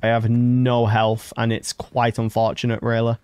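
A man commentating a horror game as he plays, excitable and jokey, reading the game's text aloud. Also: medium pitch, normal speed, clear, resonant tone, no echo. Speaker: gamer. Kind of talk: let's play commentary.

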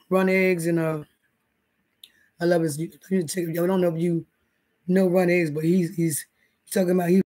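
Casting: man with a raised, high voice, loose and profane, chatting to a live audience from bed. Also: a little mellow. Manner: rambling, profane, talks straight to the chat. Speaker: livestream host. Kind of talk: casual livestream chat. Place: indoors, in bed.

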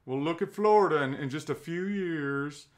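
A man doing an impression of a dim middle-aged male politician with a put-on generic Southern US accent and a slow drawl. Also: a little high, natural voice.

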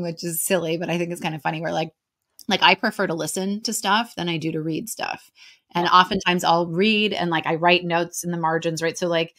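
A woman with an American accent, talking casually as a guest in an interview, chatty and quick, with lots of "like" and "right?". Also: on the low side, fairly bright tone. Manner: chatty, fast, heavy on filler "like" and "right?".

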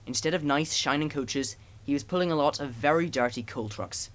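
A man narrating a children's storybook as an audiobook, in an even, gentle storytelling manner. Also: fairly high pitch, a little fast. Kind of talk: storybook reading.

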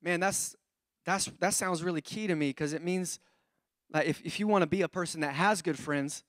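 A man in his thirties delivers a sermon with a high, bright-sitting voice, animated and playful, slipping into acted-out voices as he tells his stories. The sound is dry and close, with little room echo. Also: normal speed. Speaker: pastor. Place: church auditorium.

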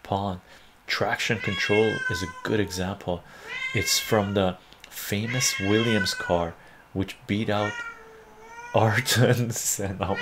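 A man's voice: lowish voice, fairly even intonation, slow pace, very noisy. A man hosting a live stream from home, chatting casually and reading out viewer comments, laughing often and thinking aloud. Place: home room with a meowing cat.

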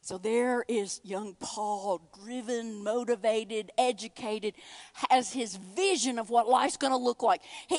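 A woman preaching a sermon, swinging between loud emphatic lines and hushed, whispered ones. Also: on the high side, no echo.

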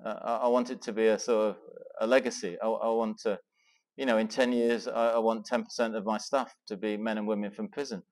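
A middle-aged man from England telling an animated personal story to a Christian men's gathering, acting out the dialogue as he goes. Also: lowish voice, fairly quick. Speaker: speaker at a men's Christian weekend. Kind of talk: storytelling talk to a live audience.

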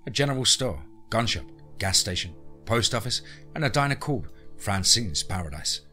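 A man hosting a podcast, narrating a horror story in a deliberate, hushed way. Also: lowish voice, very animated, faint music behind.

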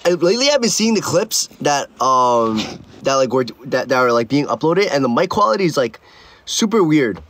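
Rambling young man livestreaming, higher voice. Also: big pitch swings, normal speed, a bit bright. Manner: rambling, many restarts and repeated words. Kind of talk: casual livestream storytelling. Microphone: own streaming mic.

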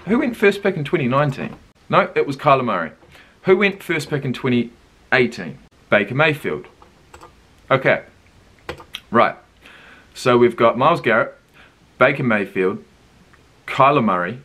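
A young man with a New Zealand accent, hosting a casual reaction video and thinking aloud with lively surprise. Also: medium pitch, measured pace, pauses often, breathy edge. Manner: animated, thinks aloud, laughs and swears in surprise.

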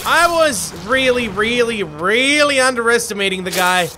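High-voiced excitable gaming YouTuber man. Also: normal speed, slight background noise. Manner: excitable, shouts and laughs often. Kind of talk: energetic gameplay commentary. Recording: music playing behind.

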